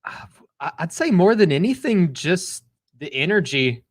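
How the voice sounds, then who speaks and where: A man's voice: high-pitched, very animated, unhurried. A man co-hosting a casual chat, answering in a thoughtful, hesitant way. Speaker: co-host.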